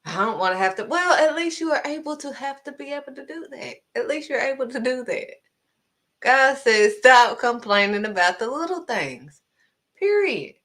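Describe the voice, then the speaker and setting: A woman's voice: high-pitched, animated, normal speed, fairly bright tone. A woman giving an informal devotional message, emphatic and scolding, hammering her points home with short blunt words. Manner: informal, conversational preaching. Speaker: preacher.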